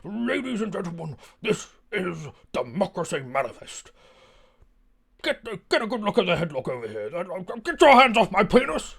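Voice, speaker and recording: A man imitating a melodramatic performer resisting arrest, declaiming in a booming, over-dramatic way. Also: big pitch swings, moderate pace, vocal fry, fairly bright tone, slightly rough, heavily acted. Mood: theatrical.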